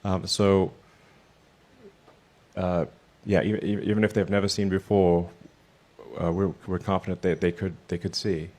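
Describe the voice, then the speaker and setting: A man's voice: sits low, flat delivery, measured pace, long pauses, a little mellow, slight background noise. A man answering an interview, hesitant, with many fillers and restarts.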